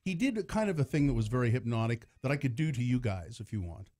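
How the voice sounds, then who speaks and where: Animated man telling a story on radio. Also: medium pitch, quick pace. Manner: storytelling, animated, laughs often. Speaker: radio show host. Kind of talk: casual radio talk. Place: radio studio.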